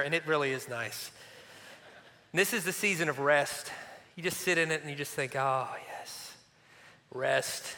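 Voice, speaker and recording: A man delivering a sermon with a high, ringing voice. He tells stories with animation, then sinks into a soft hush. A long hall reverb hangs after each phrase. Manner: animated storytelling with sudden drops to a soft near-hush. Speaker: pastor.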